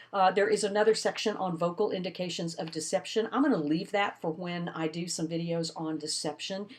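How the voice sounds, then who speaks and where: Woman college instructor, casual and lively video lecture style. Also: fairly low pitch. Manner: conversational, animated teaching with rhetorical questions.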